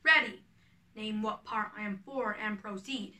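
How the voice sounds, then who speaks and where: Woman reading bragging male weaver, showy amateur actor, bright voice, echoey room, distant from mic. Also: mid-range voice, unhurried. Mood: eager. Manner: boastful and eager.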